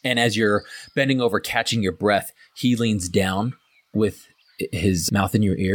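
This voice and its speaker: Guy running a tabletop game, kinda low voice, super dry mic, rambly. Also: fairly even intonation, moderate pace, a bit bright, no room sound. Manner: casual, loose narration with many fillers. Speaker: game master.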